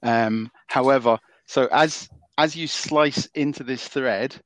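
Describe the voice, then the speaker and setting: A man narrating as game master in a tabletop role-playing game, pausing often with ums and restarts. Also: medium pitch, fairly bright tone, dry recording. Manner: halting, many ums and restarts.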